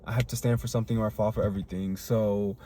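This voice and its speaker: A man's voice: lowish voice, flat delivery, fast, mellow. A young man rambling through a casual personal monologue to camera, full of fillers and restarts. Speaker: vlogger. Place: living in Chicago.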